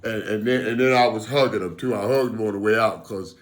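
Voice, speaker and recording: A middle-aged man with a somewhat low voice tells a personal story in a casual way. He is emphatic and animated and often repeats phrases for weight. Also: fast talker. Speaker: vlogger.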